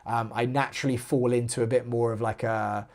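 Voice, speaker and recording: Southern English man, light American lilt, relaxed live-stream host, mid-pitched, rambling chatter fading at line ends. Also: brisk. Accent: southern English with slight American inflection. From southwest London, England. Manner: chatty and rambling, trails off quietly at sentence ends. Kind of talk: casual live-stream Q&A, reading chat aloud.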